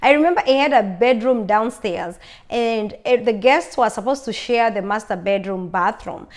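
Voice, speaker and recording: Woman, vlogger, casual chatty storytelling, somewhat high pitch, repeats phrases, restarts sentences. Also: normal speed. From lives in Arizona.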